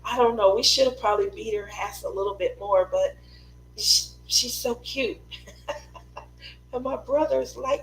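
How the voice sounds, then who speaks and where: A chatty woman tells family stories on her craft live stream and laughs often. Her voice sits a little high. She talks at an unhurried pace. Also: a bit bright, slight background noise, rough recording. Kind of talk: casual storytelling chat.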